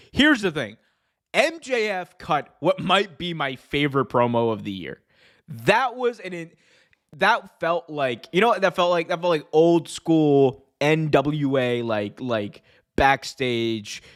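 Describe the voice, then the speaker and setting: A man hosting a podcast in casual chat, excitable and full of "like". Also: medium pitch. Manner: excitable, heavy use of "like". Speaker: podcast host.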